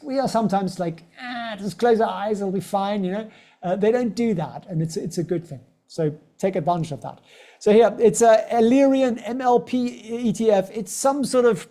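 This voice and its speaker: A man running a live stock trading lesson, chatting and joking as he talks straight to his viewers. His voice sits fairly high for a man, and its tone is warm and mellow. He talks loosely rather than from a script. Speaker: stock trading educator hosting a livestream. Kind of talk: casual livestream teaching.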